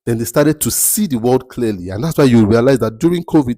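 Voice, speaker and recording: A man's voice: medium pitch, expressive, brisk, dark tone, dry recording. A man giving a motivational talk as a mentor, emphatic and rhetorical, repeating his key phrases. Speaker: mentor giving life advice.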